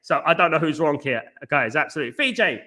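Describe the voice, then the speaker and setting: Fast-talking bright-voiced male football host. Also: fairly high pitch. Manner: rapid, animated, reads out chat messages with banter. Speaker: fan channel host reading live chat. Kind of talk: fast casual live-stream chat.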